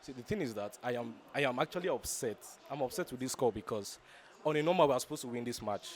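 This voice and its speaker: A man speaks as a football fan in a street interview, upset and critical of his team. His voice sits at an ordinary mid pitch. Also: lively intonation, fast.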